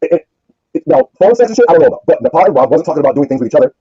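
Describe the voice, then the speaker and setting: Male streamer, dark husky voice, profane and rambling, lo-fi audio. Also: on the high side, sing-song, racing. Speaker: livestream host. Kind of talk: heated livestream argument.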